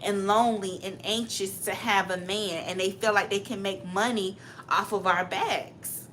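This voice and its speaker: A woman from Atlanta co-hosts a casual chat show. Her voice is bright and clear, and she talks in an emphatic, animated way. A faint noise sits under the recording. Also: mid-range voice, normal speed. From Atlanta, Georgia. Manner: animated, emphatic, drops into mocking quotes. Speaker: co-host.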